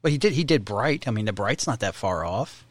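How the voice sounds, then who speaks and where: A man's voice: lowish voice, expressive, a little fast, no echo, clean studio sound. A man in casual movie chat who rambles through trivia with many fillers.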